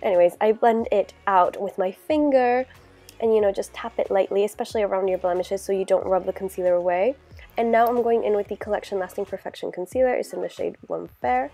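Young woman, stuffy congested voice, mellow tone, rambling casual tutorial chat, faint music behind. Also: mid-range voice, a little fast, vocal fry. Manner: chatty, rambling, lots of "like" and "you know". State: congested from a cold. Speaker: beauty vlogger. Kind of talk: casual makeup tutorial talk.

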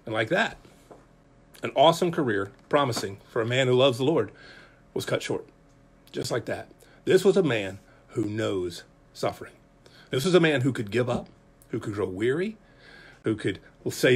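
A male pastor teaches a Bible study with a husky, slightly breathy voice at an ordinary middle pitch. He tells his story in an animated, conversational way and pokes fun at himself. He talks straight to the group, as if chatting with them. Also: normal speed, long pauses. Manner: animated, self-mocking storytelling; lively, conversational delivery to the group.

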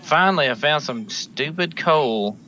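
A man's voice: a little high, expressive, unhurried, pushed and bright. Joking man muttering over a hissy line. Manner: joking, hums and mutters to himself. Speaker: gamer. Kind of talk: casual gaming chat. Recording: noticeable background hiss.

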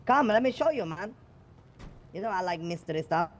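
A man's voice: sits high, animated, moderate pace, a little hiss or hum. A man talking in character during role-play, rambling, swearing often and laughing at his own stories. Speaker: role-play gang member.

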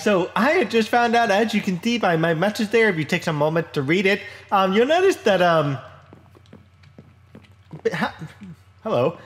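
Chatty man narrating his gameplay. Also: fairly high pitch. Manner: chatty, rambling, self-deprecating, frequent fillers and restarts. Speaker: Minecraft let's play host. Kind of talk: casual gameplay commentary.

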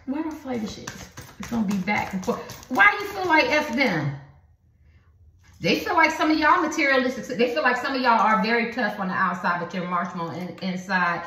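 A woman's voice: on the high side, expressive, fast, sharp tone, roomy sound, poor audio. A woman giving a casual, profane tarot reading into her phone, laughing often. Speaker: tarot card reader.

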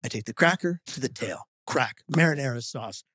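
A man's voice: mid-range voice, moderate pace, breathy edge, no echo, studio quality. A man, a podcast guest telling a funny story with acted-out quotes. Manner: animated storyteller, acting out quotes.

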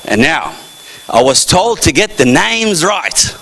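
A man's voice: a little high, big pitch swings, slow pace, creaky, a bit bright, slightly rough. A man hosting a cultural festival as MC, joking in a playful, self-mocking way on stage before a live audience. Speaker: MC and comedian. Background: audience faintly heard.

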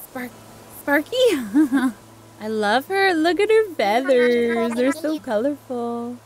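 A young woman hosting a gameplay video, giggling and gushing with excitement as she plays. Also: high-pitched, slow pace, slight background noise. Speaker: gaming video host.

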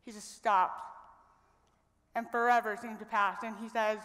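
A woman's voice: a little high, fairly even intonation, fairly quick, fairly bright tone. A young woman from Idaho telling an earnest, reflective personal story as a guest speaker on stage. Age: young adult. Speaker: guest speaker at a women's event. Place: stage in a large hall. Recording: long reverb of a large hall.

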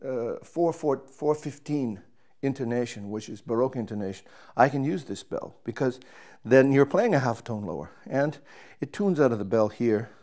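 A man's voice: mid-range voice, animated, moderate pace, hardly any pauses, darkish tone. A man, a trumpet player, casually explaining and demonstrating his instrument, thinking aloud as he works and restarting his sentences.

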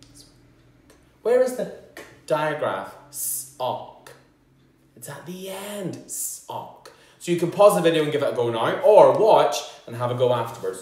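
A man teaching a children's phonics lesson, sounding out words slowly and cheering the children on. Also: fairly high pitch, darkish tone. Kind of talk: home-learning phonics lesson. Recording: very echoey room.

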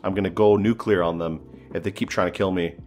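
A man's voice: deep voice, fairly even intonation, quick pace, a little mellow, faint music behind. Man doing joking gameplay commentary. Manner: joking, exasperated, thinking aloud. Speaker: gameplay streamer.

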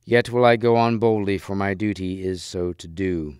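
A man's voice: low-pitched, normal speed, a little mellow, smooth, no room sound, studio quality, natural voice. A man reading aloud and voicing a brave young knight who speaks in an earnest, resolute way. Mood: grave.

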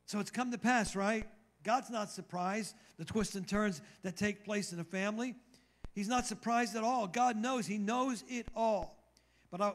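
A man's voice: high-pitched, moderate pace. A male pastor preaching a sermon, retelling scripture dramatically and repeating key phrases for emphasis. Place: church.

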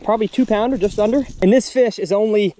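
A man, hosting a fishing vlog from a boat outdoors, excitedly exclaiming and talking to the fish as he catches them. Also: high-pitched, fast. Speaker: fishing channel host.

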